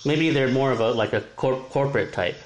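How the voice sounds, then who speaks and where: A man's voice: mid-range voice, brisk, a little hiss or hum, rough recording. A man in casual conversation who talks hesitantly, often restarting and repeating words. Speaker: conversation partner. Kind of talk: casual chat.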